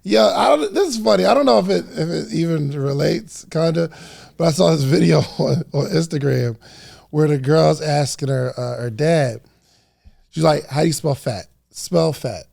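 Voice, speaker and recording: A man co-hosting a podcast, telling a funny story in a loose, animated way and voicing the people in it. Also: a little high, moderate pace, gravelly. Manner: animated storyteller, voices the people in his anecdote. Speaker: podcast co-host.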